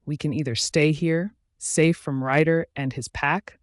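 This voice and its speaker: A man's voice: fairly high pitch, steady tone, measured pace, dry recording, studio quality, close to an everyday voice. A man doing a smug, taunting werewolf alpha. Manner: mocking, taunting. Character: smug, arrogant young male werewolf alpha.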